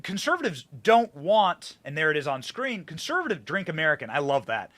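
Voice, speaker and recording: A man hosts a political podcast with a bright, lively voice that swings widely in pitch. He talks emphatically and punches his stresses. The sound is dry and close. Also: brisk, hardly any pauses, no echo. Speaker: podcast host.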